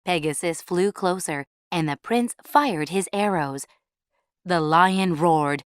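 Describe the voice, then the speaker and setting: A woman reading a storybook aloud in a clear, measured way for English learners. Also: lowish voice.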